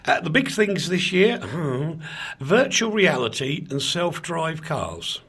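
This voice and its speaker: A man's voice: a little high, big pitch swings, slow, a bit bright, husky. A man co-hosting a casual chat show, teasing his co-hosts and chuckling as he reads out items. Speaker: co-host. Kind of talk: casual banter, reading news items.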